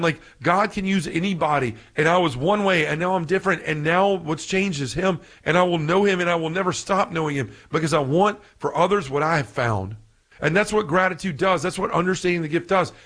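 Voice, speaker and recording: Earnest excitable man preaching. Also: high-pitched, fairly quick. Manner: earnest, excitable, repeats himself. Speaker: podcast speaker on faith. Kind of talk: preaching commentary.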